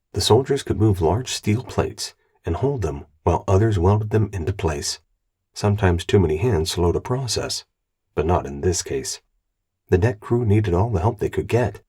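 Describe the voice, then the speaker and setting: A man reading an audiobook aloud in an even, measured narration. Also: low-pitched, husky. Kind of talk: scripted narration.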